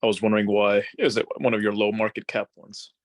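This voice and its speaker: A man's voice: lowish voice, little pitch movement, quick pace, dry recording, clean studio sound. A man taking part in a casual trading meeting, curious and asking short questions. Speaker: meeting participant. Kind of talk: casual chat.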